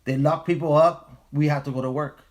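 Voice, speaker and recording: A man from the United States hosts his own livestream, talking from home. His voice sits a little high for a man. He swears freely and hammers his points home by saying them again and again. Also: fairly even intonation, a little fast. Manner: profane, emphatic, repeats phrases. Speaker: livestream host. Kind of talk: casual livestream commentary.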